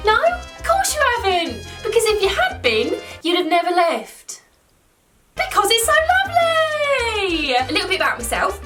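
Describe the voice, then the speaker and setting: A woman playing an over-excited young holiday rep from Essex, gushing with forced cheer. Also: very high-pitched, moderate pace, distant mic, faint music behind, voice pushed up, exaggerated voice. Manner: gushing, forced cheer covering bad news.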